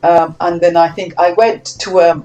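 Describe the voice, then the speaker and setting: A woman's voice: on the low side, moderate pace, highs cut off, soft background music. Older woman from Saint Kitts recalling her life. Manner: reflective, animated when acting out quoted exchanges. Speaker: interviewee. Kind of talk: oral history interview.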